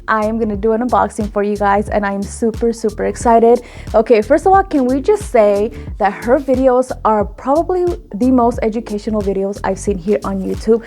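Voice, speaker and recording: A young woman hosting a lash-extension vlog, gushing and giggling with excitement as she unboxes products. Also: fairly high pitch, moderate pace, faint music behind. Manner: bubbly, gushing, giggly, exclamatory.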